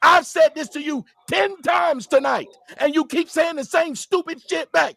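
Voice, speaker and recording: A man with a high voice argues hard on a live streamed panel. He is profane and combative and keeps talking over the other guest. The sound is dry and close to the mic. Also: unhurried, gravelly, hardly any pauses, bright, forceful tone, no room sound, shouting. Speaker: show host. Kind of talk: heated panel argument.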